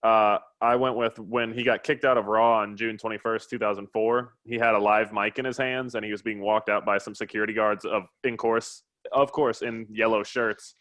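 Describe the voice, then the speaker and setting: A man co-hosting a casual podcast chat, telling a story in an animated way and quoting others with lots of "like". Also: on the low side, normal speed. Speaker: podcast co-host.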